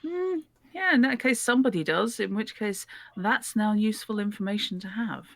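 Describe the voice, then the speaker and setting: A woman's voice: mid-range voice, animated, moderate pace, creaky, a bit bright. A woman playing a tabletop game, reasoning thoughtfully aloud. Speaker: player. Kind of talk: tabletop role-play chat.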